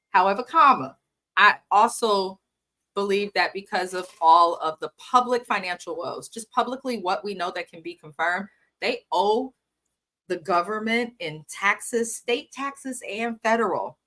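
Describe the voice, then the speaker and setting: A woman's voice: mid-range voice, animated, unhurried, sharp tone. Sassy woman dishing gossip. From California. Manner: sassy, dramatic mock prayer, emphatic. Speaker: co-host. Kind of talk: casual reality TV gossip chat.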